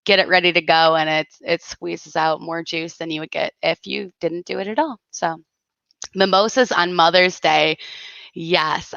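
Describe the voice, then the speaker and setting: A woman's voice: lowish voice, creaky, pushed and bright, smooth, dry recording, highs cut off. A woman hosting a casual livestream chat, giggling often and rambling with lots of fillers. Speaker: livestream host.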